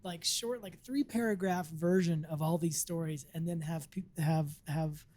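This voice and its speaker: A man co-hosting a podcast, chatting in a relaxed way and thinking aloud. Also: on the high side, a little slow, no room sound. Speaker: podcast co-host. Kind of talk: casual chat.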